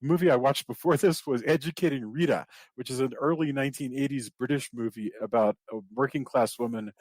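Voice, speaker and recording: A man's voice: mid-range voice, fairly quick, a little mellow, no echo. A man co-hosting a podcast, talking about a film in a reflective, musing way with casual asides. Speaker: podcast co-host.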